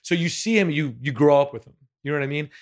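A man's voice: fairly high pitch, quick pace. A man in his thirties, a podcast co-host, speaking in a reflective, thoughtful way and often asking "you know what I mean". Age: 30s. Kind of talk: casual podcast chat.

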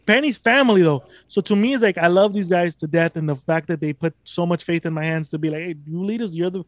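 A man's voice: fairly high pitch, steady tone, fast, no echo, studio quality. A young man hosting a podcast, talking casually in a profane, rambling, emphatic way. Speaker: podcast host.

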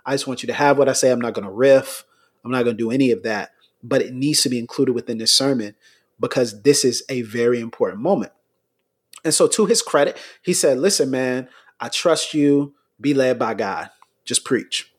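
A middle-aged American man, a pastor, telling stories in a relaxed podcast conversation, laughing between points. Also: medium pitch, moderate pace.

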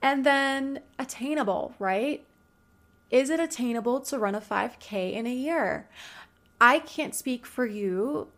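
Woman, friendly coach type, slightly higher voice, conversational advice talk full of questions to the listener. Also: expressive, unhurried, fairly bright tone. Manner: chatty, addresses listener directly with many rhetorical questions. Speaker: goal-setting coach. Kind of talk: casual advice monologue.

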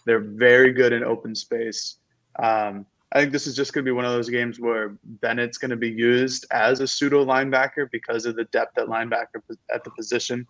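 A man in a casual sports chat, giving earnest and detailed breakdowns. He speaks at a middle pitch. His audio comes through a muffled, lo-fi mic. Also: little pitch movement, brisk, a bit bright. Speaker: sports podcast co-host. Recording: dull lo-fi mic.

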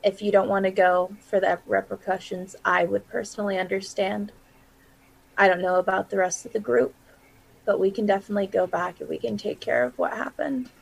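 A woman doing a gentle, gravelly-voiced adventurer. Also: mid-range voice, fairly even intonation, fairly quick, low-quality recording. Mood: reassuring.

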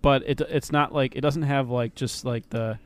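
A man's voice: medium pitch, steady tone, normal speed, smooth. A man co-hosting a casual podcast chat, joking and trailing off while he searches for words. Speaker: podcast co-host.

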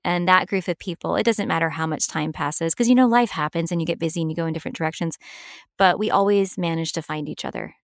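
A middle-aged actress talking in a relaxed, enthusiastic interview, laughing often. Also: female voice, fairly low pitch, fast, no echo, studio quality. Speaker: actress guest. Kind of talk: casual interview chat.

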